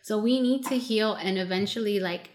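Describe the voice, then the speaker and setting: A woman co-hosting a casual podcast chat, animated and acting out other people's lines, with casual swearing. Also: medium pitch, normal speed. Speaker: podcast co-host.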